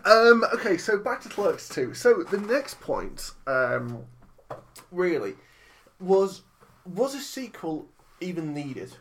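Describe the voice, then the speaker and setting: A man's voice: high-pitched, very animated, slow pace, fairly bright tone, slight background noise. A man with a slightly raised voice chats casually about films as a podcast co-host. He rambles, corrects himself partway through and laughs easily. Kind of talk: casual film review chat. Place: lives in Liverpool, not local accent.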